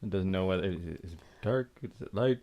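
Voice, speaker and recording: A man's voice: deep voice, fairly quick. A man helping off camera with the camera, chiming in with dry, teasing remarks during a live lesson. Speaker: off-camera helper running the camera. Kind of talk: casual banter from off camera. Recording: noisy, distant from the mic.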